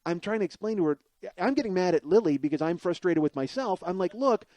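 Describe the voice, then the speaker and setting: A man in his forties tells a comic personal story as a podcast host. He talks in a profane, rambling, self-deprecating way. His voice sits fairly high but sounds mellow and warm, in a dry recording. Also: expressive, quick pace, dry recording. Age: 40s.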